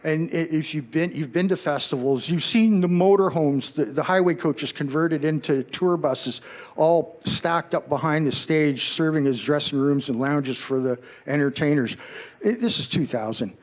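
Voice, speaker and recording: A man's voice: a little high, normal speed. A middle-aged man from Canada, a journalist telling a story to a live audience and acting out what people said. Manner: animated, acts out quoted voices.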